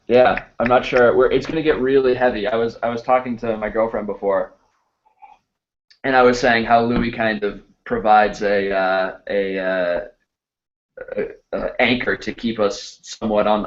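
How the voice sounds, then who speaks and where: A man hosting a casual podcast chat, halting and full of fillers and restarts, on a dull lo-fi recording. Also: on the low side. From United States. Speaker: podcast host.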